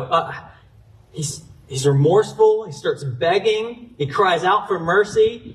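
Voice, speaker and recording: A man's voice: fairly high pitch, moderate pace, distant mic, slight background noise, poor audio. A man preaching a sermon, retelling a scripture story earnestly and citing chapter and verse as he goes. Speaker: pastor.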